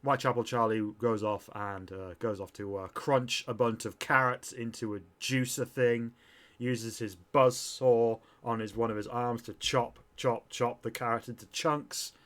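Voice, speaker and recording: A man narrating as game master in a tabletop role-playing game, with a relaxed, chatty delivery. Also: mid-range voice, measured pace.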